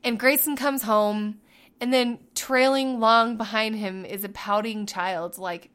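A woman in her thirties co-hosts a podcast, casually and animatedly sharing family stories. Her fairly high voice moves a little slowly, and she laughs often while acting out what people said.

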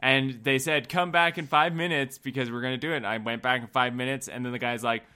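A man in his thirties chatting casually with his co-host. He tells stories easygoing and laughs along. His voice is middle-pitched with a bright, crisp edge. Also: fairly even intonation, quick pace. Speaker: podcast co-host. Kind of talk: casual chat.

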